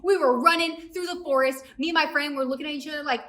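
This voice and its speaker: A young woman speaking at a youth service, telling a personal story in a lively way and talking straight to the kids. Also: sits high, fast talker. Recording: voice a bit distant from the mic, faint music.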